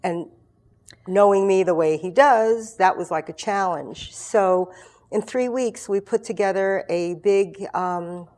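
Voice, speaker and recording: A woman in her sixties who founded a soldier support group tells her story as an interview guest. She talks slowly in a medium-pitched, slightly mellow voice, chatty and rambling, with lots of fillers and restarts.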